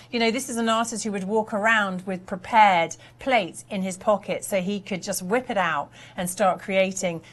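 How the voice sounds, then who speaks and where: A woman working as an art specialist on a live auction stream, telling an artist's stories with enthusiasm. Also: medium pitch.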